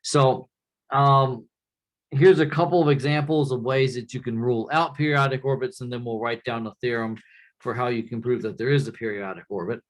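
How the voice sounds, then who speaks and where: A man's voice: mid-range voice, normal speed. Casual male lecturer in a classroom. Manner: relaxed, conversational, checks in with "right?" often.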